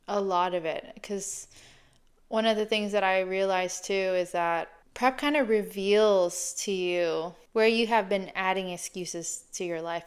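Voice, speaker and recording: A woman in her late thirties, a fitness coach, talking casually and reflectively in a chatty, animated way. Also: mid-range voice, clean tone. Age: 30s. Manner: chatty, animated, laughs often.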